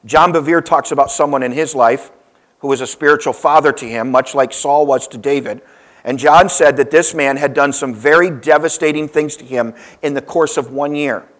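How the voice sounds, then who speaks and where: A male pastor delivering a sermon in a voice a little higher than most men's. He tells the story dramatically, dropping low and quiet, then climbing into emphatic, raised lines when he voices the people in it. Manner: dynamic preaching, rising and falling, acting out quoted lines.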